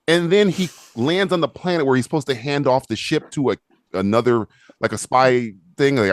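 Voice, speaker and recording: Animated profane man ranting. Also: normal speed, dry recording, clean studio sound. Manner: animated, profane, mocking with squeaky put-on voices. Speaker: podcast co-host. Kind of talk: casual ranting podcast chat.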